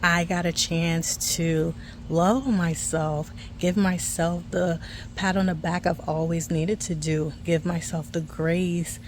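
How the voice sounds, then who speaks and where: A woman's voice: on the low side, steady tone, slow, slight background noise. A woman in a fitness program sharing a heartfelt, tender video testimonial.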